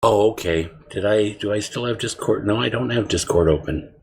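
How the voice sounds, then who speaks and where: A man's voice: fairly low pitch, normal speed, a little hiss or hum. A man co-hosting a podcast, chatting casually and cracking jokes before the show. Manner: wisecracking, rambling. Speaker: podcast co-host. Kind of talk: casual pre-show chat.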